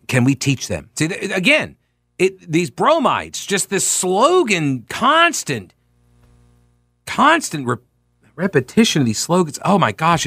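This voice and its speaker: A man's voice: mid-range voice, fairly bright tone, dry recording, clean studio sound. A man hosting an opinionated political commentary show, reading documents aloud and breaking off into sarcastic, incredulous asides. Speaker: talk show host.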